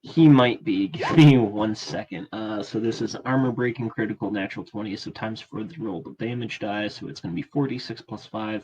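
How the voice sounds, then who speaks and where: A man running a tabletop game as game master, narrating casually and often pausing on fillers. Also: lowish voice, a little mellow, breathy edge, rough recording. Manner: casual, halting, many fillers.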